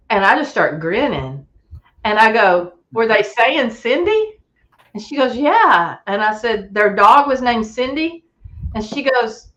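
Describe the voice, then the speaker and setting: A woman guest telling a camping story in a casual, animated way, acting out other people's voices and chuckling as she goes. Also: medium pitch, highs cut off. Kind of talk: casual storytelling on a call-in show.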